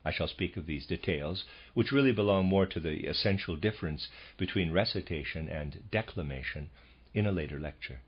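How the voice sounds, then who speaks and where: A man with a very low, slightly husky voice reads a lecture in a measured, formal way. The audiobook sound is a little dull and lo-fi. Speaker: audiobook narrator. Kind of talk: scripted audiobook reading of a lecture.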